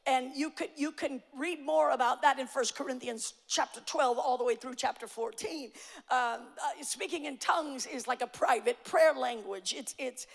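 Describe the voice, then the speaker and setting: Woman pastor, high gravelly voice, preaching fervently in a reverberant hall, stumbling restarts. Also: normal speed. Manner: preaching with rising fervor, shouting emphatic lines; frequent fillers and repeated starts. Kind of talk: sermon.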